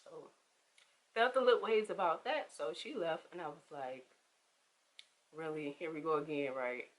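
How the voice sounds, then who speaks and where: Low-voiced woman telling a lively story. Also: moderate pace, poor audio. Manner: animated, acts out quotes, emphatic. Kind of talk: casual storytime.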